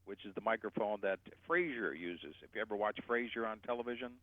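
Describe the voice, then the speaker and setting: A man explaining voice technique as a guest voice coach, animated and shifting his loudness to demonstrate. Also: fairly low pitch, fast talker, dry recording. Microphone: telephone. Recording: tinny phone line.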